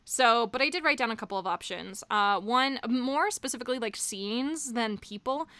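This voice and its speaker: A woman's voice: a little high, animated, moderate pace, bright, forceful tone, clean tone, dry recording. A young woman co-hosting a casual movie discussion, chatty and laughing often. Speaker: podcast co-host.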